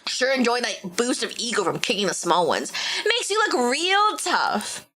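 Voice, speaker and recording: A man's voice: extremely high pitch, wildly swooping pitch, unhurried, sharp tone, heavily acted. A woman voicing a cocky young male bully with an Australian accent, in a taunting, mocking drawl. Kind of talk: game dialogue read aloud.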